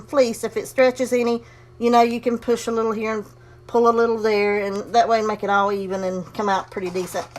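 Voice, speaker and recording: A woman casually demonstrating a sewing project, chatty and folksy, talking herself through each step and breathing a little heavily. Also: on the high side. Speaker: crafting tutorial host.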